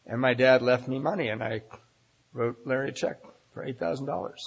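A man's voice: medium pitch, brisk, creaky, husky. A man telling a personal story live in a candid, wry, self-deprecating way. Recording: long reverb in a large hall.

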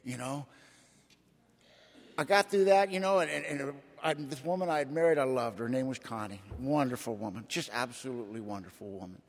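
Older man telling his story in a hall. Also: medium pitch. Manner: folksy, colloquial, emotional swells. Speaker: recovery meeting speaker. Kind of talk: personal testimony talk. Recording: echoey hall.

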